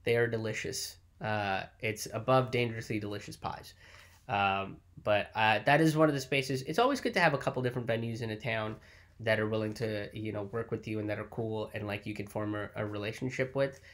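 A man's voice: on the low side, a little fast, a bit bright. A man who tours as a comedian talks casually to camera about his shows, rambling with lots of fillers and some swearing. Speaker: touring comedian. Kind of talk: casual reflective vlog talk.

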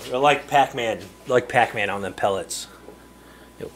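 A man's voice: medium pitch, measured pace, long pauses, fairly bright tone, a little hiss or hum. A middle-aged man hosting a casual livestream from his home fishroom, rambling along as he answers viewer chat and chuckles now and then. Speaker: livestream host.

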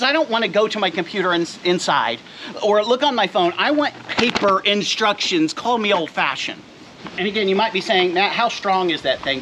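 A middle-aged man films a jokey unboxing vlog outdoors beside his car, hyping the gear playfully and addressing his viewers directly. His voice is high, and there's background noise.

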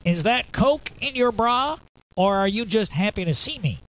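A man's voice: high-pitched, animated, moderate pace, a bit bright. A man doing a nasal, pinched gangster voice. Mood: menacing. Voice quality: nasal, held-nose voice. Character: gangster movie characters, male, menacing. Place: radio studio.

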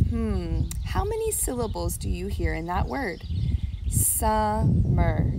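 A preschool teacher woman speaks to small children in a gentle, unhurried sing-song, drawing out each word so they can clap along. Her pitch sits in a middle range. A faint background noise runs under her outdoor recording. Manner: slow, sing-song and encouraging, stretching words to clap syllables. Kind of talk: children's lesson video. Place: outdoors on a summer day.

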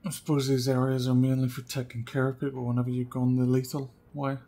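A man giving casual gameplay commentary, chatty and often dropping to quiet muttering as he sneaks around. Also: medium pitch, completely flat delivery, fast. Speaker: let's play gamer.

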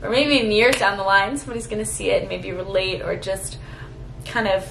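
A woman's voice: medium pitch, steady tone, a little fast, vocal fry, fairly bright tone, roomy sound, slight background noise, poor audio. A woman in her twenties talking to the camera in a sentimental, rambling vlog, close to tears and full of fillers. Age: 20s. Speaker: vlogger.

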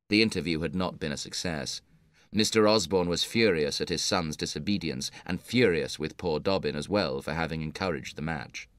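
A man narrating a story for English learners in a measured, clear reading. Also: very deep voice, dry recording.

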